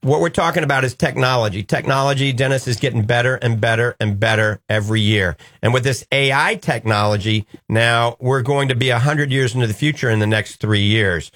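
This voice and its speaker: A man's voice: medium pitch, steady tone, brisk, hardly any pauses, fairly bright tone. A man with a New Orleans accent hosting a call-in radio show, upbeat and reassuring, laughing easily with callers. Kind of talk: casual call-in radio chat.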